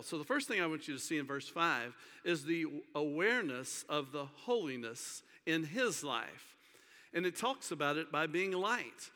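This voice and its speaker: A man preaching a sermon, pausing and repeating words as he goes. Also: fairly high pitch, very animated, bright, forceful tone. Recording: long hall reverb.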